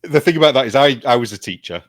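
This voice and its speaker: A British man chatting as a guest, an animated storyteller who laughs often. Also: medium pitch, racing, no echo, clean studio sound. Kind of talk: casual chat.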